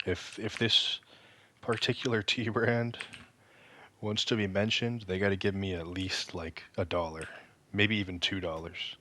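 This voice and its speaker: Male gaming creator, deep voice with a bright, forceful edge; rambling, self-mocking commentary full of halting restarts. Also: fairly even intonation, a little hiss or hum. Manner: rambling, joking, self-deprecating. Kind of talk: casual gameplay commentary.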